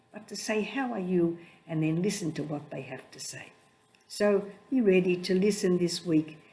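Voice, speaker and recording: Older woman, religious sister, lowish voice, slow soft storytelling for children.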